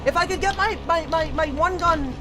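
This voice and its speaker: A young woman streaming herself playing a video game, excitable and swearing freely as she talks to the enemies on screen. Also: extremely high pitch, normal speed. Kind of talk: casual gameplay commentary.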